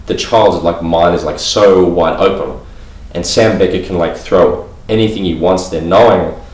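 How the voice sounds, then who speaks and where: A man's voice: low-pitched, a little mellow. A man vlogging casually to camera, rambling with many fillers. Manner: rambling, heavy fillers like "you know" and "like". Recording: echoey room, voice a bit far from mic.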